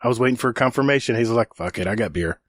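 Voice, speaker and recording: A middle-aged man hosting a casual podcast, low-key and wry. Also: lively intonation, rapid-fire, no echo, clean studio sound. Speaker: podcast host.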